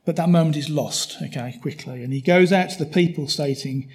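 A man preaches a sermon in a relaxed, conversational way. His voice sits a little high for a man. He keeps drawing his listeners in with quick questions tacked onto his points. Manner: conversational, frequent tag questions.

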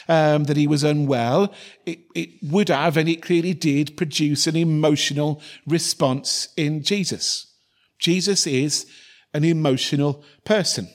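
Man preaching, earnest, reflective, voice a little high. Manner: earnest and reflective, with some restarts. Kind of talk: sermon.

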